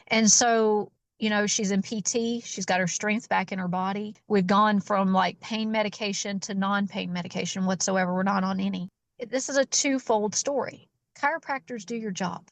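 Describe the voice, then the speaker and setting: Animated woman telling a patient story. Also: medium pitch, moderate pace, no room sound. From Georgia, US. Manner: animated storyteller who acts out quoted dialogue. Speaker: chiropractor guest. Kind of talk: storytelling in an interview.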